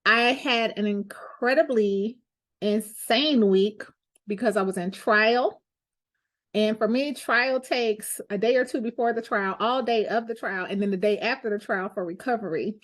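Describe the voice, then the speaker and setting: A woman's voice: a little high, a little slow. A woman, a lawyer hosting her own show, sharing a candid, heartfelt personal reflection in a conversational way.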